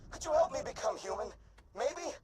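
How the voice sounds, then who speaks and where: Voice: mid-range voice, animated, fairly quick, noisy background, natural voice. An actor voicing a childlike robot who longs to become human, talking eagerly in simple, cheerful phrases.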